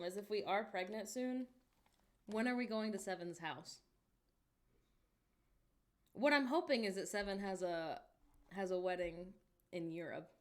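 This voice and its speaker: A woman streaming, chatting casually and reacting wryly out loud to what she finds while browsing online. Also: mid-range voice.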